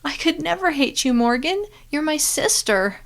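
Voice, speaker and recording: A woman's voice: lively intonation, normal speed, fairly bright tone. A woman reads a teenage girl in an audiobook, lifting her voice well above her own. The girl sounds youthful, impulsive and full of feeling. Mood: tearful. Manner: higher, youthful voice with strong feeling. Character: sixteen-ish teenage girl, emotional and impulsive.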